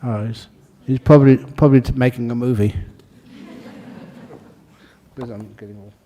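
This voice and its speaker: A Buddhist monk leading a ceremony, calling out names in a casual, joking way and laughing between them. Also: male voice, mid-range voice, steady tone, moderate pace, mellow, highs cut off. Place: large hall.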